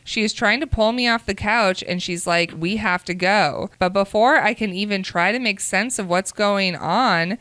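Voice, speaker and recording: A woman reads wild dating stories aloud to a co-host, slipping into little voices for the people in them. Her voice is bright and smooth, and it sounds close and dry, with no room behind it. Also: mid-range voice, moderate pace, hardly any pauses, no room sound. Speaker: podcast co-host reading stories. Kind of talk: casual storytelling chat.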